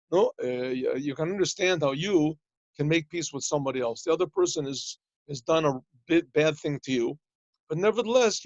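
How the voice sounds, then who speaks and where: Man teaching a Torah lesson, slightly higher voice. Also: no room sound, dull audio. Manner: explains in plain talk, translating Hebrew phrases as he goes; retells stories with small acted dialogue. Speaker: rabbi teaching a yeshiva class. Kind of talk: Torah lesson over a video call.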